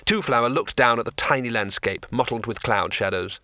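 A man narrates a comic fantasy audiobook with a bright, forceful voice. His storytelling is expressive and crisp, with a dry, close sound and no room around it. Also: medium pitch, brisk, no room sound. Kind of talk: audiobook reading.

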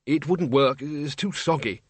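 A man's voice: fairly high pitch, a little slow, breathy edge, dry recording, voice pushed up. A man voicing a hearty, blustering, bossy middle-aged male wizard in charge.

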